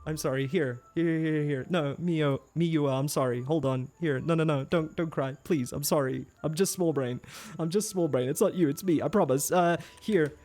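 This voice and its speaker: A man's voice: a little high, moderate pace. A man live-streaming a game who chats with viewers, laughs often and stammers when he gets flustered. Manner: giggly, excitable, laughs often. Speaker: livestreamer. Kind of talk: casual live-stream chat, reading chat aloud.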